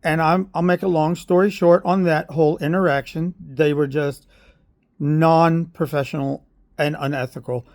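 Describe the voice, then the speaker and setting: Upset man, fairly high voice, dry close recording, rambling vlog rant. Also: darkish tone, no echo. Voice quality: emotional, openly aggrieved. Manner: heated, rambling, self-correcting. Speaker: parent telling a story. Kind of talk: casual vlog monologue.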